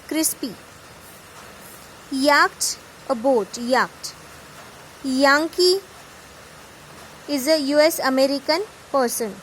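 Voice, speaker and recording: Indian english lady tutor, high voice, slow and careful, reads a word then explains it. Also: a bit bright, a little hiss or hum, low-quality recording. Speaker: German tutor. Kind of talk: reading vocabulary with translations.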